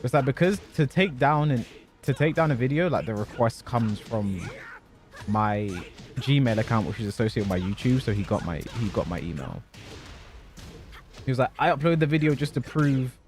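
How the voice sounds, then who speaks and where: A man's voice: medium pitch, normal speed, a little mellow, soft background music. A young man, a streamer and fighting game competitor, chatting casually and profanely while he plays. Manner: loose, profane storytelling.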